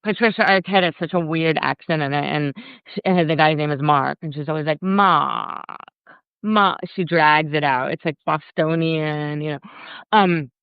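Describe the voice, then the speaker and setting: A woman talking as a guest on a live video call, animated and unfiltered, acting out her inner voice in quotes. Her voice is smooth and resonant. The sound is dry and dull, like lo-fi streamed audio. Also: low-pitched, moderate pace, dry recording. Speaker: guest, workshop leader. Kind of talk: casual conversation on a live video.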